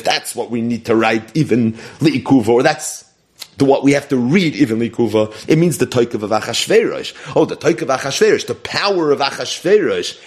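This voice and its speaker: A man teaching a Talmud lesson, animated and mixing Hebrew and Yiddish terms into English. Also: medium pitch. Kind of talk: Talmud lecture.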